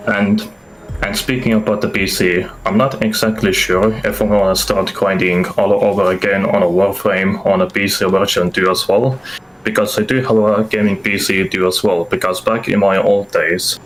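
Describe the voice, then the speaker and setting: A man's voice: low voice, little pitch movement, moderate pace, a bit bright, a little hiss or hum, poor audio. A man with a strong foreign accent chatting casually as a guest over a voice call, rambling and repeating himself. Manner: rambling, repeats "too as well". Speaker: guest on stream. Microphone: headset over internet call.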